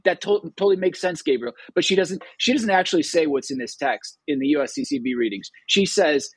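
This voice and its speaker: A man with a slightly husky, higher-pitched voice talks through a scripture passage, animated and explanatory. He acts out the quoted lines as he goes. The sound is dry and close. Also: a little fast, few pauses, dry recording, rough recording. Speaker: host of a Gospel reflection show. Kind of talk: scripture discussion.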